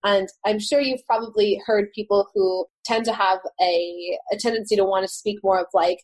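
Female podcast co-host, mid-pitched and a bit husky, dry close sound. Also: steady tone, moderate pace, few pauses, a little mellow, no echo, poor audio. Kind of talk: casual podcast explanation.

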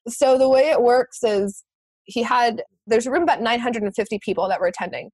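Animated woman, higher voice, laughing often. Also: fairly quick, dry recording. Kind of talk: casual storytelling.

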